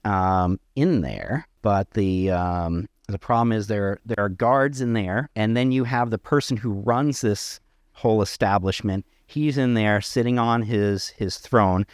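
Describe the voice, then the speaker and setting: A man runs a tabletop game, laying out scene after scene in a low voice. The sound is dry and close, with no room echo. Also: measured pace. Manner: descriptive, with many fillers and restarts. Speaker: game master.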